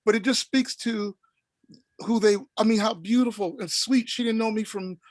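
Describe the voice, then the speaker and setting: A middle-aged man from Oklahoma telling a story on a panel, animated and rambling with many restarts. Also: high-pitched, normal speed, dry recording. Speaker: panel guest.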